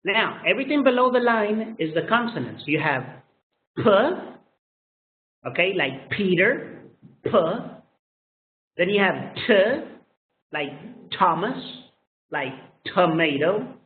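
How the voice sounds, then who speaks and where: Very slow man drilling English sounds. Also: sits high, very animated. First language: Spanish. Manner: drills single sounds, repeating each one several times. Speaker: English pronunciation teacher. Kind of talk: pronunciation lesson. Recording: tinny phone-like sound in an echoey room.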